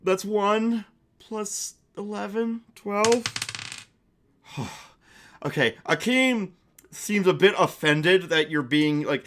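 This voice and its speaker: A young man narrating a live-streamed tabletop game as game master, chatty with quick asides. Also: sits high, expressive, fairly bright tone. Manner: chatty, quick asides, laughs at own jokes.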